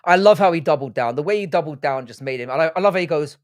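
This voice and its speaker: A man's voice: fairly high pitch, lively intonation, rapid-fire, few pauses. A young man hosting a casual livestream, reading the chat aloud and rambling with crude jokes. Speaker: livestream host.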